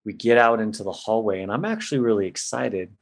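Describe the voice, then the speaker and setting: A man's voice: fairly low pitch, lively intonation, quick pace, creaky. A middle-aged man telling an emotional personal story in a casual, heartfelt way as a podcast guest. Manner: casual, emotional, says "man" and "bro" a lot.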